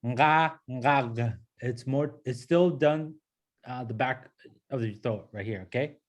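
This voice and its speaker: A man teaching a class how to pronounce new sounds, speaking at an unhurried, deliberate pace. His pitch sits in an ordinary middle range. He is patient, repeats each sound several times and keeps checking in with his students. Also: a little mellow. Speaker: language teacher. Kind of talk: pronunciation lesson to a class.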